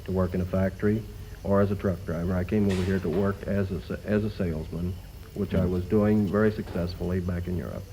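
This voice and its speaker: A man in an archival interview talking in an aggrieved, halting way with many fillers. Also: sits low, steady tone, dark tone, slight background noise. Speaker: interviewed immigrant.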